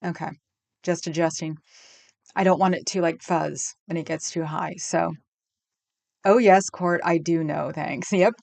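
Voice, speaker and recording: Speaking into a desk microphone at home, this middle-aged California livestream host chats with her live chat, rambling casually and laughing frequently. Her gravelly, darkish voice is low and steady, unhurried, with long pauses, in a dry recording.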